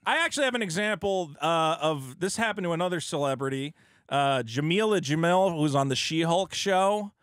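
A man co-hosting a casual podcast, ranting in an animated way and acting out online arguments. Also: a little high, moderate pace, smooth, dry recording, clean studio sound. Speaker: podcast co-host.

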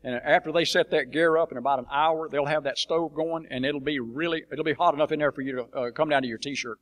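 A man's voice: a little high, fairly even intonation, quick pace, a bit bright. Blunt folksy missionary preacher, man. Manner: blunt, folksy and plain-spoken, with frequent fillers. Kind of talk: folksy storytelling talk to a church congregation. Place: church sanctuary.

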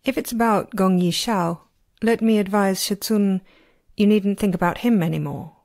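A young male disciple, possessive and sulky, who speaks coolly with a quiet edge of menace, as a woman reads him. His voice sits at a middling pitch and stays measured. It sounds like a fan audiobook reading. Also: creaky, lightly acted.

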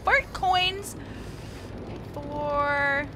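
A woman streaming a video game and giving casual commentary, excitable and giggly, playfully trash-talking her opponents. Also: sits high, very slow. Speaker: gaming streamer. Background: game music.

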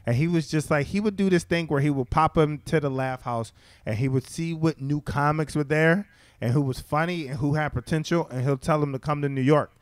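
A comedian tells stories, his voice sitting a little high for a man as he acts out the people he quotes. The sound is close and dry, with no room echo. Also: fairly quick. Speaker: stand-up comedian guest. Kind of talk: casual storytelling chat. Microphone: studio mic.

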